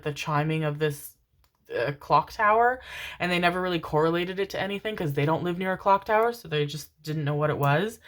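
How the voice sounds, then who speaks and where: A woman giving a casual tarot reading to camera, gushing and affectionate, swearing freely and calling her viewers darlings. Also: deep voice. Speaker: tarot reader.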